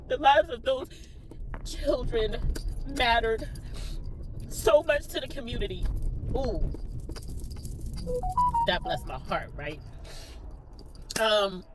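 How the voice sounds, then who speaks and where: Philly lady vlogging from her phone, teary, voice swoops up and down a lot, bit of faint hum behind. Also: fairly high pitch. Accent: Philadelphia. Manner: tearful, expressive, talks straight to viewers. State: near tears. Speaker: teacher. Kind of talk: emotional storytime vlog. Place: in a car.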